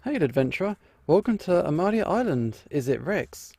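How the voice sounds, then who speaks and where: A man's voice: sits high, sing-song, normal speed, mellow, dry recording, pitched above the performer's own voice, exaggerated voice. A man voicing a formal, welcoming adult male island greeter in a game read-through.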